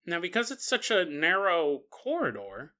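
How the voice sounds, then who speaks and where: A man hosting a paranormal podcast, telling a strange story in a casual, animated way with chuckles and conversational asides. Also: high-pitched, moderate pace. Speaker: podcast host.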